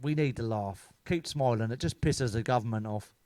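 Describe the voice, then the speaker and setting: A man's voice: mid-range voice, moderate pace, a little mellow, no room sound. A middle-aged man telling crude, bawdy comic stories as a comedian. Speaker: stand-up comedian. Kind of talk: comic storytelling.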